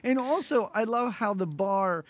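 A woman's voice: medium pitch, expressive, measured pace. A woman co-hosting a casual movie review chat, sarcastic and acting out scenes. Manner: sarcastic, acts out scenes in quoted voices. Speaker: podcast co-host.

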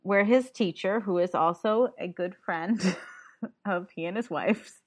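A woman co-hosting a casual podcast, recapping a movie with lots of laughter and lively retelling. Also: mid-range voice, measured pace. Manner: animated, laughs often, acts out lines from the film. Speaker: podcast co-host.

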